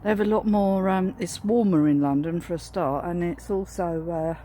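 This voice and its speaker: A woman's voice: on the low side, normal speed, mellow, a little hiss or hum. A woman chatting casually in a garden vlog while she stands outdoors. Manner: chatty, rambling. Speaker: vlogger.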